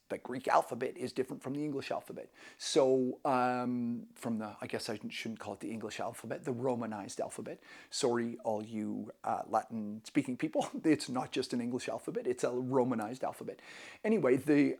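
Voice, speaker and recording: Gravelly, husky-voiced man chatting enthusiastically. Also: mid-range voice, normal speed, darkish tone. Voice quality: enthusiastic, rambling, many restarts. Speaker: travel vlogger. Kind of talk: casual travel tips to camera.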